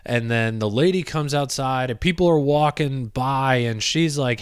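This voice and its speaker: A man's voice: mid-range voice, normal speed, hardly any pauses, clean tone, no echo, studio quality. A young man in his twenties hosting a podcast, telling a long rambling anecdote with many fillers. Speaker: podcast host and comedian. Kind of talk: casual storytelling monologue.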